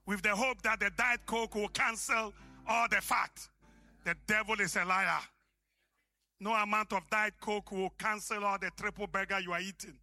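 High-voiced, bright preaching pastor. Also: male voice, soft background music. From Africa. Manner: preaching with dramatic pauses and shouted emphasis. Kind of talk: sermon.

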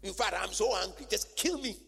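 A man's voice: high voice, moderate pace, creaky, fairly bright tone, slight background noise. A man voicing a sulking, angry male prophet who pleads, whines and begs to die. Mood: petulant. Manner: whiny, pleading, petulant. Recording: long church-hall reverb.

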